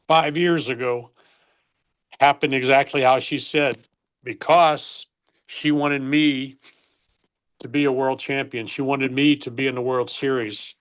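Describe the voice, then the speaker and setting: A man's voice: medium pitch, a bit bright. An older man, a former baseball coach, earnestly telling an emotional personal story in an interview, often stopping to correct himself.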